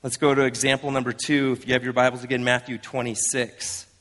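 A man's voice: mid-range voice, little pitch movement, a little fast, fairly bright tone, big-room sound. A man in his thirties, a father preaching an earnest, conversational sermon with frequent restarts. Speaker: pastor.

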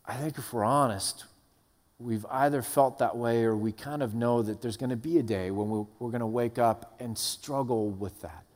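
A man preaching a sermon, earnest, with passages that rise from hushed to fervent. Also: medium pitch, normal speed. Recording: long hall reverb.

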